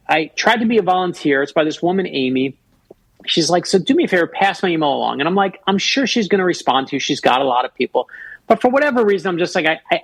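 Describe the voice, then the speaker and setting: A man in his fifties, a guest author telling stories on a radio talk show with animated energy and quick restarts. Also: high voice, slightly rough, dry recording, poor audio. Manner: animated, fast storytelling with restarts.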